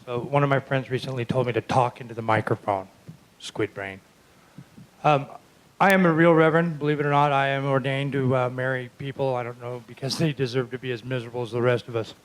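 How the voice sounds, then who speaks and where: Sardonic male comic, mid-pitched voice, dry delivery, club mic. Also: a little fast, poor audio. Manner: sardonic, deadpan jokes. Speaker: stand-up comic, reverend. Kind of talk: stand-up comedy. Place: small comedy club stage.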